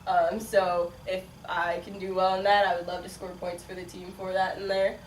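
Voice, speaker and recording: A woman's voice: on the low side, little pitch movement, moderate pace. Chatty young woman in an echoey room. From Chicago, raised partly in Las Vegas. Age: 20s. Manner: chatty, many likes and ums, laughs often. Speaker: college sprinter, interview guest. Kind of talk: casual interview answers. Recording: echoey room, mic at a distance, faint noise.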